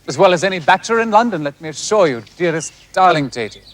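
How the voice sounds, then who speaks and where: A man's voice: high-pitched, animated, fast. An actor playing an eager young writer who lectures his sweetheart in a wordy, pompous way in a 1970s television period drama. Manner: wordy and pompous, with fussy endearments.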